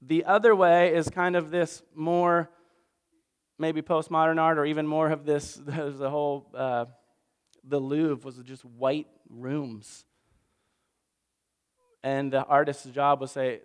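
A man's voice: fairly high pitch, fairly even intonation, moderate pace, clean tone. A man preaching a casual sermon recap in a conversational, self-deprecating way, acting out little voices. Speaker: pastor.

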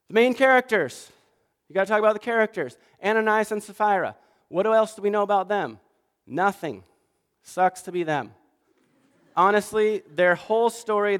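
A pastor giving a sermon, telling stories in an animated way and acting out the quoted voices. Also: male voice, fairly high pitch, clear, resonant tone. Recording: long reverb of a large hall.

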